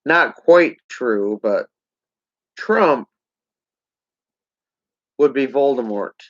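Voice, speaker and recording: Slow, ranting man on a dull recording. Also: mid-range voice, animated, no echo. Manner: heated, sarcastic, rambling. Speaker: vlogger. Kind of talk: political rant to camera. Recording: dull lo-fi sound.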